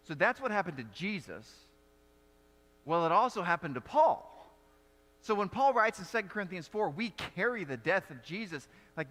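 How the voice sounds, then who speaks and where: Male pastor, conversational sermon, bright voice, long church reverb. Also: fairly high pitch. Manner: conversational, earnest, many restarts and "like".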